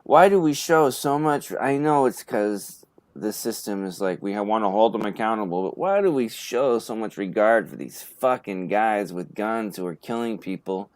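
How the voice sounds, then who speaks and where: A man's voice: on the low side, expressive, moderate pace, dry recording. A man on a casual live panel talk who speaks passionately and swears freely. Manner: passionate and profane.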